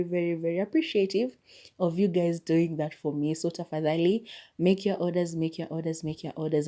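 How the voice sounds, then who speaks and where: A young Kenyan woman hosting her own podcast, chatting through a story in a casual, animated way with quick asides. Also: fairly low pitch. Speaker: podcast host. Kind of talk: casual solo podcast monologue.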